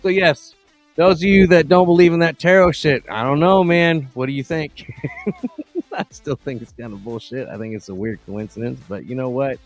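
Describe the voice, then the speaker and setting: A man's voice: on the high side, normal speed, highs cut off, faint music behind. Joking man reading chat comments. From Texas. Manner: loose, joking, reads chat comments aloud. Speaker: podcast co-host. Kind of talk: casual late-night chat.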